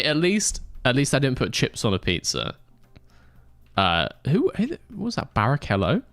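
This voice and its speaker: Male streamer, casual game chat, lively swooping pitch, joking, faint music behind. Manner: animated, joking banter, mock outrage. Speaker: streamer playing a racing management game.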